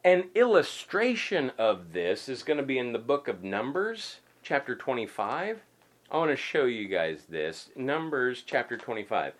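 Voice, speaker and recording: Animated male pastor preaching casually. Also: medium pitch, unhurried. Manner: emphatic, repeats points, folksy asides. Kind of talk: conversational sermon.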